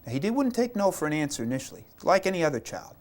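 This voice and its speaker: A man with a fairly high voice recounts his time as an army chaplain. His storytelling is animated, with stumbles and repeated words, and he acts out the people he quotes. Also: rapid-fire. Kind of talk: telling war stories in an oral history interview.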